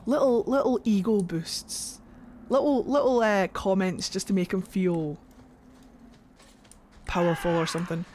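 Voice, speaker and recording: A woman's voice: mid-range voice, unhurried, pauses often, over music. A woman streaming a game, chatting in a goofy, rambling way to her viewers. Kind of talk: casual gameplay commentary. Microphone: desk microphone.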